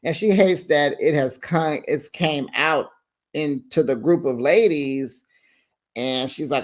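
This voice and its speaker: A man hosting a reality TV recap in a sassy, animated gossip style, calling people baby and honey. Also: on the high side, a little slow. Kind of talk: casual recap commentary.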